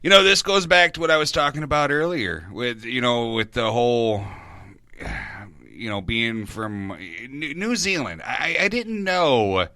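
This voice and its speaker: A male radio host with a bright, ringing voice in a dry, close studio sound. He rambles, jokes and trips over his own restarts, keeping the banter loose and comic. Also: medium pitch, lively intonation, measured pace, dry recording. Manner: rambling, joking, stammering restarts.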